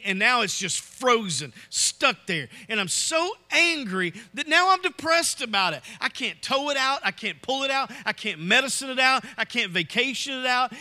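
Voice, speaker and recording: A pastor preaching a sermon in a church, animated and often checking in with "Okay?". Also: male voice, high voice. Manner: animated, acts out quoted voices, asks "Okay?". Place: church sanctuary.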